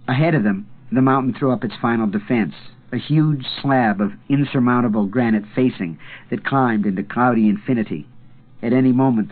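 A man reading a novel aloud in a measured, dramatic narration with slow pauses. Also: on the low side. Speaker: audiobook narrator. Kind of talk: scripted narration. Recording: tinny phone-like sound.

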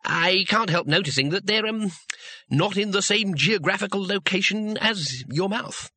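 A man voicing a naive, polite little male tourist in a storybook reading, talking brightly and a bit hesitantly. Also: sits high, lively intonation, moderate pace, dry recording, pitched above the performer's own voice, heavily acted. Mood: awkward.

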